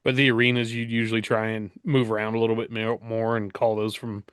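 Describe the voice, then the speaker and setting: A man's voice: lowish voice, level tone, quick pace, a bit bright, clean tone, no room sound. Easygoing male podcast host, dry sound. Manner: easygoing, laughs readily. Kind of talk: casual interview.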